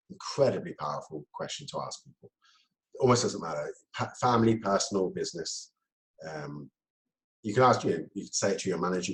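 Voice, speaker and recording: A man giving a talk on communication, lively, laughing often and acting out quoted exchanges. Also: low voice, rough recording. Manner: lively, laughs between points, acts out quoted dialogue. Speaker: speaker.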